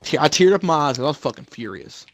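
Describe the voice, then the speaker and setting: A man's voice: a little high, animated, fast, no room sound. A young man in casual chat, telling a heated, swear-filled story about trouble at his job. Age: young adult. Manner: profane, heated venting. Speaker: storyteller venting about work.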